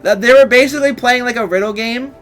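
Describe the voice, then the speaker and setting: A man live-streaming a game, reacting excitedly and bursting into shouts and laughter. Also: very high-pitched, fast, soft background music.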